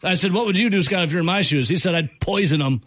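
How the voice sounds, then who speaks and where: A man's voice: high-pitched, rapid-fire, a bit bright, no echo. A man hosting a call-in radio show, playful and joking, shifting his tone for effect. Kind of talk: casual call-in radio banter.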